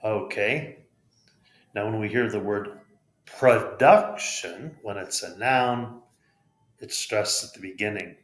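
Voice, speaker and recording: Man, American accent, English pronunciation teacher, unhurried, spells out letters, echoey room. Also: on the low side. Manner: slow, patient, spells out letters and models words. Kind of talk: pronunciation lesson. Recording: roomy echo.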